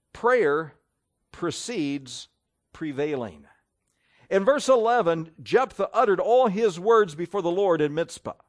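A man preaching a sermon, emphatic and folksy, asking the congregation rhetorical questions. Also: high voice.

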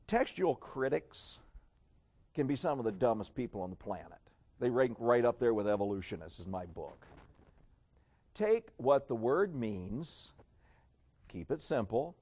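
Animated, sarcastic male preacher. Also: medium pitch. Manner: emphatic, sarcastic, swings between loud and hushed. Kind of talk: sermon.

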